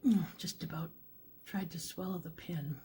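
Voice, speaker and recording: A woman hosting a crafting video, talking casually and a bit self-deprecatingly as she works, often trailing off into soft near-whispers. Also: fairly low pitch, steady tone, normal speed, slight background noise. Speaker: crafting channel host. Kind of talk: casual crafting talk-through.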